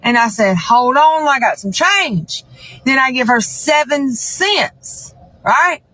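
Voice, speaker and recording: A woman's voice: sits high, lively intonation, takes it slowly, sharp tone, no echo, low-quality recording. A woman telling a rambling comic story, repeating herself and acting out both sides of the exchange. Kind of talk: comedic storytelling.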